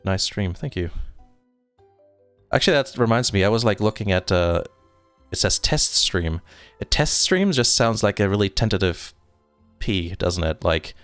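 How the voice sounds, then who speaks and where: Low, smooth-voiced German man chatting. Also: animated, measured pace, no echo, faint music behind. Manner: rambling and self-deprecating, with frequent chuckles. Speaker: streamer. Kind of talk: casual live-stream chat, reading viewer comments aloud. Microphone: desk microphone.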